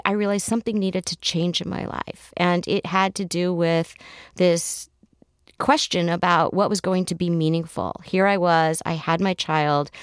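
A middle-aged woman therapist telling stories in a casual interview, animated and laughing as she acts out quotes. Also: lowish voice, smooth, no room sound, studio quality. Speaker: guest, therapist.

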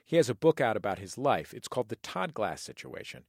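A man's voice: fairly low pitch, wildly swooping pitch, fairly quick, creaky, darkish tone, husky, dry recording, clean studio sound. A male radio host asking interview questions, hesitant and searching, with many fillers.

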